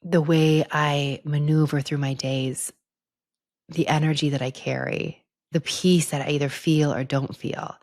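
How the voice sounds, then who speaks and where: Low, gravelly-voiced woman podcaster. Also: steady tone, measured pace, darkish tone, dry recording, clean studio sound. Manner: candid and conversational, laughs often. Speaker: podcast host. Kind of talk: reflective personal monologue.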